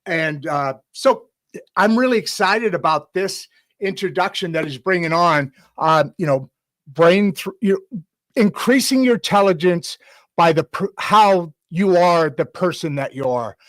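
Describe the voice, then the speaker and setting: High-voiced rambling male host. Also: expressive, measured pace, fairly bright tone. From United States. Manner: rambling, many fillers and restarts. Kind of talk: casual podcast interview.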